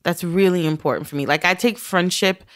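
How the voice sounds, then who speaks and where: A woman's voice: fairly low pitch, brisk, fairly bright tone, no room sound, studio quality. A woman guest in a conversational interview, a mother telling stories and laughing often between phrases. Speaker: podcast guest; mother of young children.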